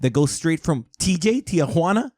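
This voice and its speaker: Male podcast co-host, blunt joker, higher voice, dry recording. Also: sing-song, a little mellow, no room sound. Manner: blunt, jokey, quick questions. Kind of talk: casual chat.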